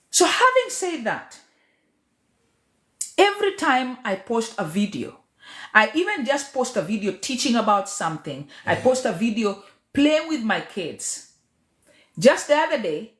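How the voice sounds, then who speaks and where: A woman from Kenya speaks to her followers in an emphatic, preacher-like way, swinging between loud bursts and quiet stretches. Her voice sits high and moves widely in pitch. The sound is echoey, as if recorded in a bare room. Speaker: teacher, public speaker and MC. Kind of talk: passionate monologue to followers.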